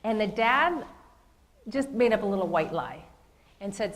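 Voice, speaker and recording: A woman's voice: medium pitch, expressive, measured pace, pauses often, rough recording. A woman giving a motivational keynote speech, speaking earnestly and directly to her listeners. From lives in Las Vegas.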